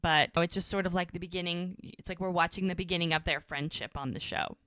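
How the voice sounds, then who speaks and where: A woman co-hosting a TV rewatch podcast, retelling scenes in a lively, chatty way and acting out the characters' lines. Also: lowish voice, fast talker, dry recording. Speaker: podcast co-host. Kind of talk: casual rewatch podcast recap.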